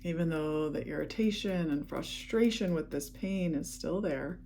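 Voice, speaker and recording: A woman leading a guided EFT tapping session, speaking calm, repetitive affirmations. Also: deep voice, moderate pace, a little hiss or hum.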